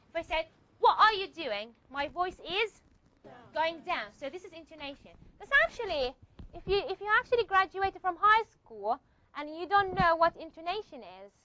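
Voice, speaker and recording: A woman with a very high, somewhat bright voice gives a linguistics lecture to university students in a classroom. She works through the material step by step and checks in with the class, captured on a slightly muffled lo-fi recording.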